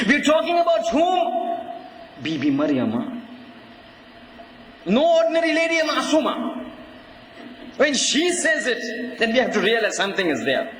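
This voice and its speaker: A man preaching a religious lecture in an emphatic way, often rising to a shout and asking his listeners questions, recorded in an echoey hall. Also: extremely high pitch, wildly swooping pitch, a little slow, pauses often, a little hiss or hum.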